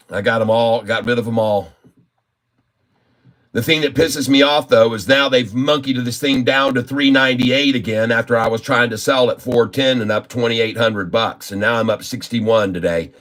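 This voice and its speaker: A man vlogging his day trading live, grumbling and cursing at his trading software. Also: mid-range voice. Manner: grumbling, cursing, exasperated muttering. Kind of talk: casual live trading commentary.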